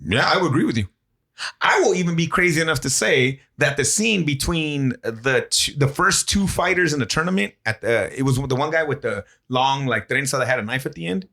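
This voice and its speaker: A man co-hosting a casual podcast, excitable and swearing, laughing often as he talks. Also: on the high side, a little fast, vocal fry. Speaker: podcast co-host.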